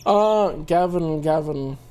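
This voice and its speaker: A man's voice: a little high, slow, dark tone, clear, resonant tone. Chatty man commenting on a game. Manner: chatty, reads game text aloud. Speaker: let's play host.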